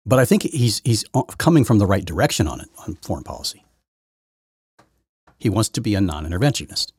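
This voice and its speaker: A man's voice: on the low side, big pitch swings, brisk, a little mellow, slightly rough, no echo, clean studio sound. A man hosting his own podcast, giving rambling, opinionated solo commentary full of restarts and repeated words. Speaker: podcast host.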